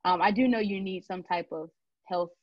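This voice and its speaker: A woman's voice: fairly low pitch, moderate pace, no room sound, dull audio. A young woman, a student conducting an oral history interview, chatty and casual with lots of fillers. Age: young adult. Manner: chatty, full of fillers and restarts.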